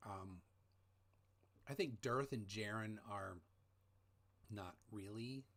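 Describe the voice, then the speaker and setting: A man hosting a casual livestream, reading out chat comments in a rambling, halting way with many fillers, holding his mic close at home. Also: lowish voice, fairly bright tone. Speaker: livestream host. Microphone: handheld mic held close.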